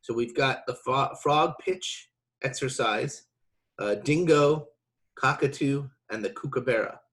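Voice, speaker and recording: A man's voice: mid-range voice, measured pace, fairly bright tone. A man giving a casual video lesson, explaining with loose restarts between demonstrations. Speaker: didgeridoo teacher.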